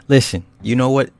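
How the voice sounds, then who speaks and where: A man's voice: fairly low pitch, darkish tone, dry recording. A man hosting a casual livestream, rambling and swearing loosely with frequent laughs as he reads viewer comments. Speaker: YouTube host.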